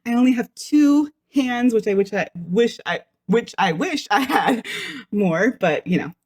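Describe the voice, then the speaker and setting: A woman's voice: fairly high pitch, expressive, measured pace, darkish tone, breathy edge. Giggly chatty woman podcast co-host. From Washington state, US. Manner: giggly, rambling, many restarts. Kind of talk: casual chat.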